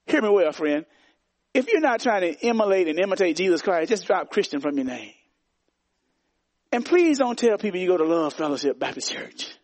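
A man's voice: high-pitched, dry recording. A man preaching a sermon as pastor, emphatic and repetitive, calling on the congregation to answer back.

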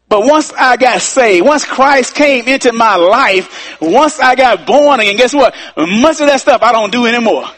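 A high-pitched male preacher. He repeats his key phrases, drops in folksy asides, and builds toward rousing shouts. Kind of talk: sermon.

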